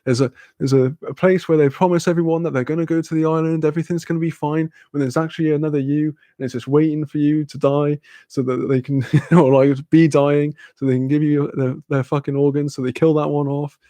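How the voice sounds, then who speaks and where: A man's voice: fairly high pitch, flat delivery, fairly quick, mellow, dry recording. A young British man in casual chat with viewers, rambling, laughing often and swearing offhand. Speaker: streamer chatting with viewers.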